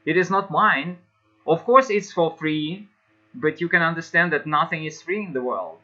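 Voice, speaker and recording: A man teaching an English class online, talking haltingly with many fillers and restarts. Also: on the high side, lively intonation, bright, forceful tone. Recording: dull lo-fi online class audio.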